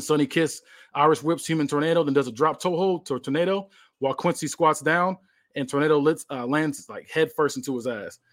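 A man's voice: on the high side, dry recording. Man narrating casually with a dry sound. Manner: casual, laughing, filler-heavy. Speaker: podcast host. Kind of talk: casual storytelling of fantasy wrestling booking.

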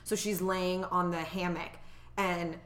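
Bright-voiced woman telling a story. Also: lowish voice, a little slow. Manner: lively storyteller who acts out dialogue. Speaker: podcast co-host. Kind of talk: casual chat. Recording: echoey room.

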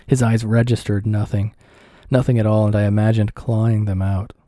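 A man narrating a first-person memoir aloud in a measured, somber, deliberate way. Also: on the low side, level tone, mellow, no room sound, clean studio sound. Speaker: audiobook reader.

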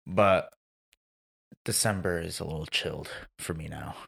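A man co-hosting a podcast in casual chat, animated, laughing often and acting out exclamations. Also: low-pitched, measured pace, vocal fry, breathy edge. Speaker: podcast co-host.

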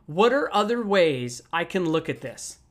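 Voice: mid-range voice, big pitch swings, a little slow. A voice in a mid-range register, delivering a motivational talk on handling anger. The speaker talks straight to the listeners and repeats key phrases to drive them home. The tone stays conversational and encouraging.

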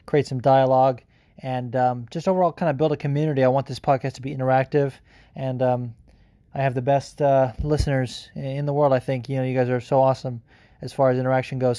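A man's voice: medium pitch, mellow, dry recording. A man hosting his own podcast, rambling with plenty of "um"s and cheerful swearing. His voice is recorded close and dry, with no room sound. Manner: profane, rambling, with many fillers. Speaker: podcast host. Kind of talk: casual podcast monologue.

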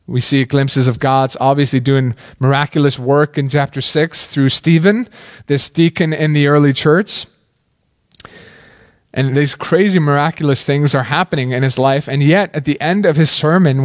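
A man delivers a sermon in a relaxed, conversational way. His voice sits a little high for a man, and he keeps stopping to ask questions, with plenty of "like" along the way. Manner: conversational, questioning, with many "like" fillers. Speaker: pastor.

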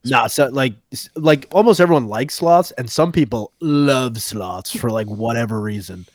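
A man's voice: medium pitch, normal speed, no echo. A man in his thirties co-hosting a podcast, chatting casually and jokingly with many fillers. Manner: laid-back, joking, lots of fillers. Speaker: podcast co-host. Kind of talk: casual chat.

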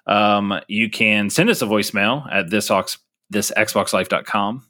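A man co-hosting a podcast in a loose, chatty way, full of fillers and asides. His voice sits a little low but sounds bright and forceful. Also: measured pace, no echo, studio quality. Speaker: podcast co-host. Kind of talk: casual podcast chat.

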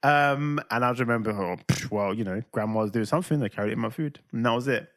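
A man's voice: medium pitch, quick pace. A man, co-hosting a casual podcast chat and telling stories with lots of acted-out sounds and laughter. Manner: animated storyteller, acts out voices and sounds, laughs often. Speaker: podcast co-host.

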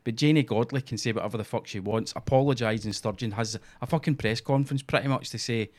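A Scottish man holding forth in a casual chat, ranting and sarcastic, his talk full of swearing. His voice sits at an everyday middle pitch for a man. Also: fast, a little mellow. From Scotland.

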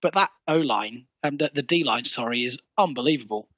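A man co-hosting a casual sports podcast, briskly listing a team's strengths and flaws. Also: medium pitch, a bit bright, no echo. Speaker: podcast co-host. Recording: dull lo-fi sound.

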